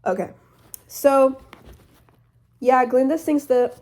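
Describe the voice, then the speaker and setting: A woman's voice: a little high, a little slow, long pauses, dark tone. A teenage girl retelling a story in a rambling, chatty way full of fillers. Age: teens. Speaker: vlogger.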